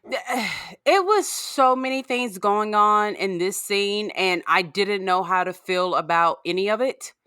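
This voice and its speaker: Bright-voiced, hesitant woman co-host. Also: medium pitch, unhurried, clear, resonant tone, no room sound, studio quality. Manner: hesitant, restarts, torn and unsure. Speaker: podcast co-host. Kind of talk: casual recap chat.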